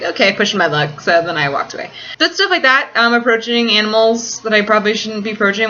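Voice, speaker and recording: Bright-voiced rambling young-sounding woman vlogger. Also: medium pitch, lo-fi sound. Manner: rambling, heavy use of "like". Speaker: vlogger answering viewer questions. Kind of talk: casual chat. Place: small apartment kitchen.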